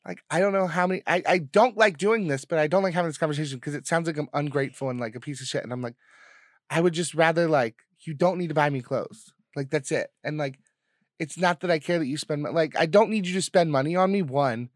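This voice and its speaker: A young man co-hosting a casual podcast chat, telling animated, profanity-laced stories with a dry close sound. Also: on the high side, fast talker, no echo. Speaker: podcast co-host.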